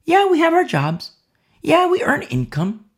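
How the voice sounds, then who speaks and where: A man's voice: extremely high pitch, wildly swooping pitch, measured pace. A man preaching a sermon in an emphatic, storytelling way, often repeating himself for emphasis.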